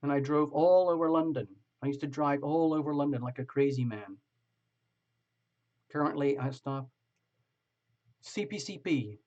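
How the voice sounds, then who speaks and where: A man's voice: a little high, normal speed, long pauses, a little mellow, muffled recording. A man hosting a live tarot stream, chatting casually, greeting viewers by name and laughing often.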